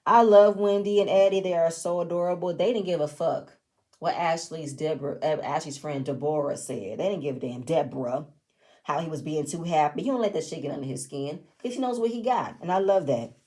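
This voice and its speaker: A woman's voice: sits low, brisk, a little mellow. A woman giving casual review commentary on a reality show, blunt, opinionated and often profane. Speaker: reality TV recapper.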